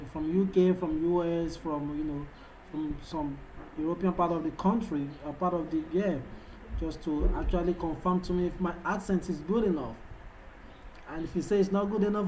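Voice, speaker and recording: High-voiced man hyping his live chat. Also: steady tone, moderate pace, mellow, a little hiss or hum, rough recording. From Nigeria. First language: Yoruba. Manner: putting on a foreign-sounding English accent; hyped, repetitive calls to viewers. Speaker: livestream host, trading analyst. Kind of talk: live-stream chat with viewers.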